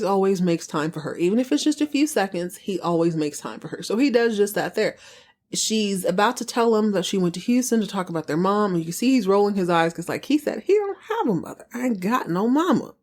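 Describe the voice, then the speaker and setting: A woman casually recapping a TV drama as a podcast host, chatty and animated, with asides. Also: mid-range voice. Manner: chatty, animated retelling with acted quotes and asides.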